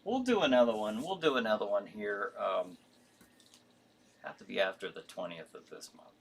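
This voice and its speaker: A man hosts a casual live stream, reading viewer comments aloud and answering them in a rambling way full of fillers and restarts. His lowish voice is expressive and moderately paced, with a little hiss or hum in the recording.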